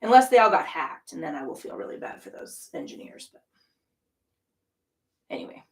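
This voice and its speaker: A woman's voice: low-pitched, big pitch swings, moderate pace, creaky, distant mic. A middle-aged woman hosting a yoga channel, chatting casually in a profane, rambling, ranting way. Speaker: yoga studio owner and host. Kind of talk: casual chat.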